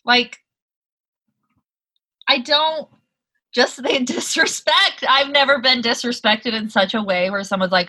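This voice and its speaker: A woman co-hosting a casual comedic chat, wry and teasing, with deadpan swearing. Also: a little high, unhurried, long pauses. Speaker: podcast co-host.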